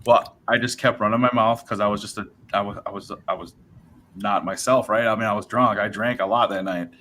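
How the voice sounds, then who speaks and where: Bright-voiced man telling a rambling story. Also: on the low side, brisk, a little hiss or hum. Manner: rambling, animated, acts out dialogue with fillers like right and bro. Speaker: livestream host telling his sobriety story. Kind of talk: casual personal storytelling.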